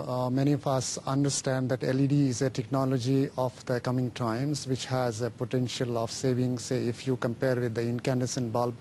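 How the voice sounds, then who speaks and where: A man, a government energy official explaining in a halting way with many fillers. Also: mid-range voice, mellow, a little hiss or hum. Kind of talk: panel discussion answer.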